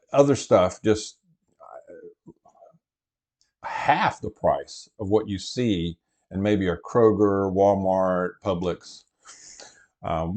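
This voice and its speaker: A prepper vlogger chats from inside his truck, rambling casually with lots of fillers and restarts. His voice sits fairly low and carries a slight mellowness.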